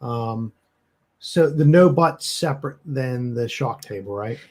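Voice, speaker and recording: Husky-voiced man playing a tabletop game. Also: medium pitch, animated, measured pace. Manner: hesitant, lots of ums and you-knows. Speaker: player. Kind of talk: tabletop role-play, describing his character.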